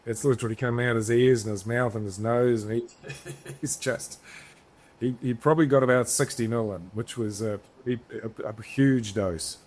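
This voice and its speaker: A man with a slightly mellow, medium-pitched voice talks at a moderate pace with fairly even intonation. As a business founder on a podcast, he tells rambling, casual stories in interview form, swearing freely and starting his sentences over.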